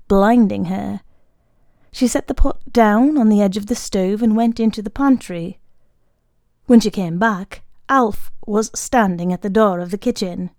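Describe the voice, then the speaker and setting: A woman narrating a short story aloud in a calm, measured way. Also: mid-range voice, dry recording, studio quality. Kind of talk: audiobook reading of a short story.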